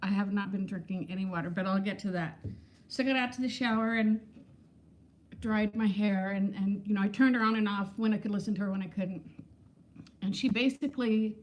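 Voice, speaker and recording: A vlogger in her fifties with a mid-range voice talks a little fast on a casual livestream. She chats candidly, drifting from thought to thought and greeting viewers by name.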